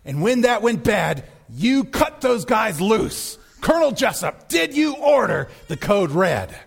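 A man's voice: high-pitched, big pitch swings, a little slow, gravelly, breathy edge, pitched above the performer's own voice, exaggerated voice. A man voicing a young male military lawyer cross-examining a witness with insistent, pressing questions. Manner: insistent, rising to a shout.

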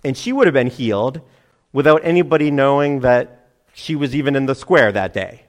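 A middle-aged man preaching a sermon, animated, acting out crowd voices and laughing at himself. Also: mid-range voice, moderate pace. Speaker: pastor.

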